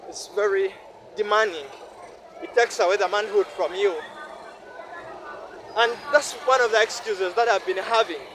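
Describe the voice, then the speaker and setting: A man's voice: sits high, moderate pace, pauses often, a crowd in the background, noisy background. A man in his twenties from Uganda with a Ugandan accent, talking earnestly in a casual vlog monologue and often checking in with the listener. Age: 20s. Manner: earnest, repetitive, asks listener "no?". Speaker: vlogger. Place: outdoors by a city road.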